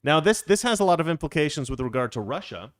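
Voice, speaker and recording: A man's voice: a little high, sing-song, fast, no echo, clean studio sound. Rambling man hosting political talk. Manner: rambling, self-interrupting, wry. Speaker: political commentary host. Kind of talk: casual political talk show.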